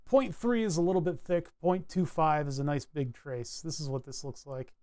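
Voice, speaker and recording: A man's voice: on the high side, steady tone, moderate pace, dark tone. A man chatting casually on a live stream while designing a circuit board, rambling with wry asides and frequent self-corrections.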